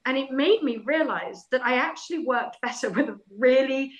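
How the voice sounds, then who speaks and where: A woman's voice: high voice, moderate pace, poor audio. Chatty woman telling stories. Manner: animated, chatty anecdotal telling with self-deprecating laughs. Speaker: author guest. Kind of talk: casual interview storytelling.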